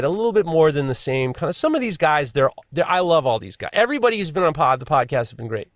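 A man hosting a podcast, telling stories in casual chat, animated and swearing freely. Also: medium pitch, dry recording, studio quality. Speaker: podcast host.

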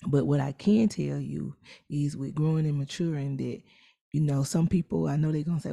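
A woman co-hosting a podcast, reflecting in a measured, casual way. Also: deep voice, gravelly, mellow. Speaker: podcast co-host.

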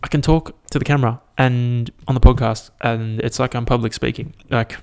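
A man's voice: medium pitch, fairly even intonation, moderate pace, gravelly, darkish tone. A young man, hosting a podcast alone and chatting casually in a rambling, self-mocking way with plenty of swearing. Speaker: podcast host. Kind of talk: casual solo podcast chat.

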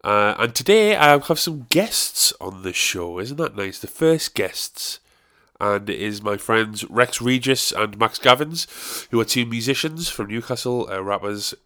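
A man's voice: mid-range voice, animated, measured pace, sharp tone. A young man hosting his own podcast, giving a casual, rambling, self-deprecating solo introduction with jokes. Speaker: podcast host.

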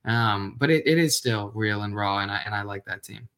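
A man's voice: fairly low pitch, normal speed, a bit bright. A man co-hosting a sports podcast, thinking aloud casually, often restarting his sentences. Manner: hesitant, restarts often, thoughtful. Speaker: podcast co-host.

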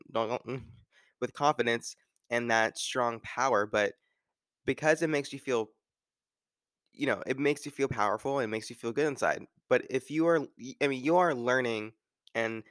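A man's voice: mid-range voice, fairly bright tone, no echo, clean studio sound. A man hosting a solo talk, rambling casually and filling gaps with "like" and "you know". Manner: rambling, filler-heavy with frequent "like". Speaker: podcast host.

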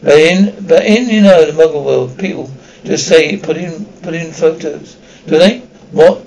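A man's voice: fairly high pitch, a little slow, gravelly, darkish tone, low-quality recording. A man voicing a curious young boy wizard, in a storybook reading.

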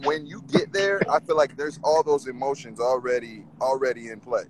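A man calling in to a talk show, arguing his side in an animated way and often repeating himself. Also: medium pitch, normal speed, noisy background. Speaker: caller. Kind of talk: casual call-in debate.

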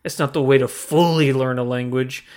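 A man's voice: medium pitch, fairly even intonation, moderate pace, darkish tone. A man co-hosting a podcast, chatting in a curious, conversational way. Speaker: podcast co-host. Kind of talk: casual podcast chat.

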